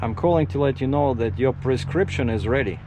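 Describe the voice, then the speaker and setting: A smooth robotic pharmacist woman on a phone call, as a man retells it, pitched a bit higher than his usual talk. She sounds calm and scripted, with a light teasing edge. A faint outdoor hum sits behind the voice. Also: brisk, natural voice.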